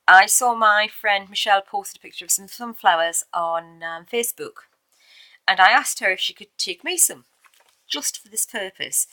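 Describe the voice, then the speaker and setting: A woman's voice: mid-range voice, expressive, moderate pace, pushed and bright, no echo, poor audio. A woman casually showing a handmade journal she made, talking in a chatty way with fillers and little self-corrections. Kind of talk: casual show-and-tell video.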